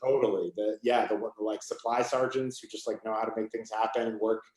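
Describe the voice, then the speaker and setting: A man's voice: on the low side, little pitch movement, brisk, a little mellow, reverberant, rough recording. A man from Maine, an author guest, speaking in a rambling, casual way full of "you know" and "like" on a video call. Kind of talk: casual conversation.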